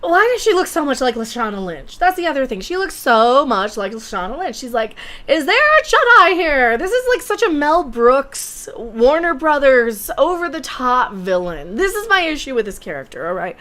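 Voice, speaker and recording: A woman co-hosting a casual reaction chat, sarcastic and animated, laughing often. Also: sits high, moderate pace, hardly any pauses. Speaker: co-host reviewing a show. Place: home room with computers running.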